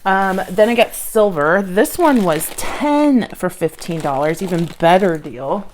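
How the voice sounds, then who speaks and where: A woman with a slightly low voice chats casually about her finds. She talks in an excitable, gushing way, thrilled with every piece she shows. The mood is relaxed and homey. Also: unhurried, slight background noise. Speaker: bead jewelry vlogger. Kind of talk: casual haul chat. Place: at home with her dog nearby.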